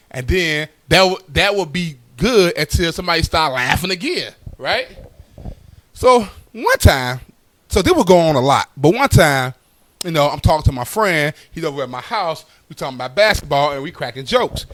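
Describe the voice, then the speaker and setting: Animated male comedian, dry close sound. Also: on the high side, normal speed, no echo. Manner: loose, conversational, tags lines with "right?". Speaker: stand-up comedian. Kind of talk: stand-up storytelling.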